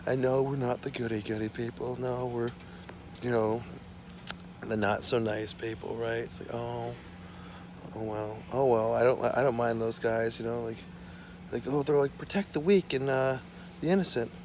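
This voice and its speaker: A man's voice: mid-range voice, little pitch movement, moderate pace, noisy background. A man rambling and ranting to his camera at home, profane and repetitive, drifting from topic to topic. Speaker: vlogger. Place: small home.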